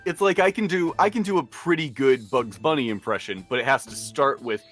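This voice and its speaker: A man co-hosting a casual chat, chatty and agreeable with quick asides. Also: medium pitch, a bit bright, faint music behind.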